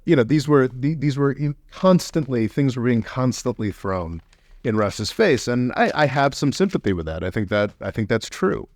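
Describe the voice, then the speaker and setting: A man co-hosting a podcast in casual political chat, animated and heated, mocking others in quick put-on voices. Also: medium pitch, no room sound, studio quality. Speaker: podcast co-host.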